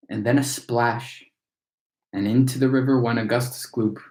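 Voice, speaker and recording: Storytime reader, man, mid-pitched, steady lively read-aloud, echoey room. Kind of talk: reading a children's book aloud.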